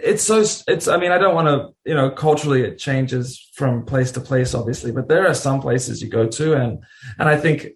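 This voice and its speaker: Aussie guy rambling on a podcast, laughs a lot, lots of likes, mid pitch. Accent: Australian. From Australia. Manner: rambling, laughing, many filler words. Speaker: guest musician. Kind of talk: casual podcast chat.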